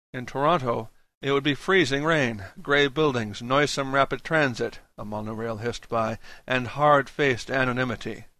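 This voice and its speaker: A man narrating a first-person audiobook in a measured, reflective way. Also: medium pitch, pushed and bright, no room sound.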